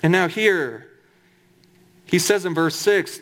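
High-voiced man preaching with humor. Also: slow pace, pauses often, a bit bright. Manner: conversational and humorous, with emphatic asides. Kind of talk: sermon.

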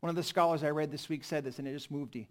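High-voiced man preaching a sermon. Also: rapid-fire. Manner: expressive, swings from emphatic to hushed. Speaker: pastor.

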